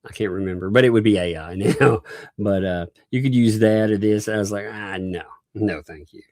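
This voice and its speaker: A man's voice: on the low side, brisk, darkish tone, dry recording, clean studio sound. A man with a Southern US accent hosting a casual livestream, laughing often and reading viewer messages aloud. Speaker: livestream host.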